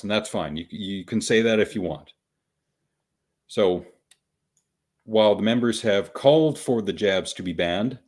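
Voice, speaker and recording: In a lowish voice with lively intonation, a man hosting a podcast patiently takes listeners through a news story one step at a time. His casual commentary is wry, slow, and deliberate.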